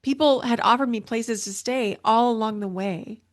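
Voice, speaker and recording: A middle-aged woman, a podcast host and intuitive coach, delivers an earnest, emotional personal monologue, repeating herself for emphasis. Her voice is a little high and moves at a moderate pace. The recording is dry and clean, with studio sound.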